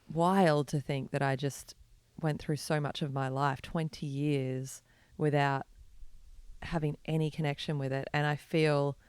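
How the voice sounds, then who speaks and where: An Australian woman in her thirties who talks frankly and earnestly as a podcast guest. Her voice is smooth and resonant, and it stays quite level in pitch. The recording is close and dry. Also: dry recording. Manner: earnest and frank, speaking at length. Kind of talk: candid interview conversation.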